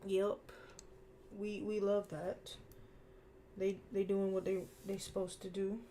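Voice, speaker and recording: A young woman streaming while she draws, ranting casually in an animated, slangy way and laughing often. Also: medium pitch, slow pace, a little hiss or hum. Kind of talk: casual rant while drawing.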